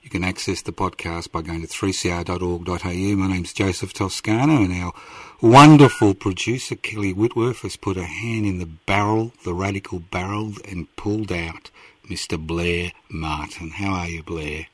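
A man's voice: sits low, steady tone, normal speed. A man in his sixties with an Australian accent, hosting a radio interview in a teasing, jokey way. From Queensland, Australia. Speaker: radio host.

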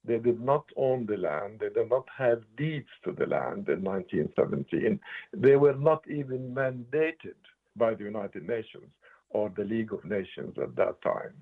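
A man's voice: medium pitch, vocal fry, breathy edge. A man in his eighties from Palestine, giving earnest, emphatic interview answers and repeating words for stress. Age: 80s. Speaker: interviewed writer and political analyst. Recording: tinny phone-line audio.

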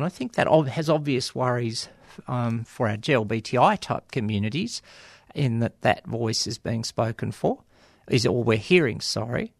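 A chatty Australian man hosting a community radio show in a studio, his voice gravelly with touches of vocal fry. He rambles easily through ums and dry jokes. The recording sounds close and dry, with no room around the voice. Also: medium pitch, no room sound. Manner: chatty, wry, many ums and asides. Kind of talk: casual radio monologue. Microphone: studio microphone.

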